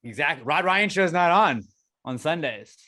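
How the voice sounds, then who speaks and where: A man's voice: fairly high pitch, animated, normal speed, sharp tone. An American man hosting a podcast, chatting loosely and plugging the show. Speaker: podcast host. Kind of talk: casual chat.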